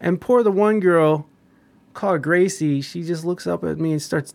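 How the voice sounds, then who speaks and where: A man's voice: fairly high pitch, moderate pace, gravelly, darkish tone. A young man giving rambling, crude and profane casual commentary as a vlogger.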